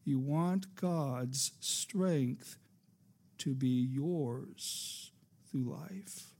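A man's voice: mid-range voice, very slow, creaky, warm tone. A man preaching a sermon as pastor, rising and falling for emphasis and calling for amens.

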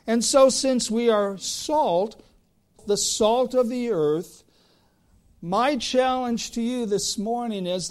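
A man preaching a sermon to his congregation, with deliberate phrasing that swells into emphatic lines. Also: high-pitched, darkish tone. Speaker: pastor.

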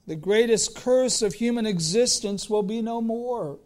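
A middle-aged man preaching a sermon as a pastor, slow and emphatic, building on repeated phrases. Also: high voice, a little mellow.

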